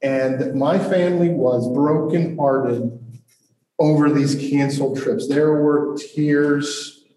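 A male pastor preaching earnestly and reflectively with long pauses, then opening questions to the congregation. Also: a little high, steady tone, dark tone. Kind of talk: sermon and congregation Q&A. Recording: roomy hall audio from a distant mic.

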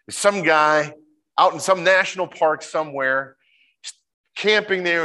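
A man preaching a sermon, telling stories in a lively way and jumping into high, excited voices when he imitates people. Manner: animated storytelling, mimics voices with big pitch jumps.

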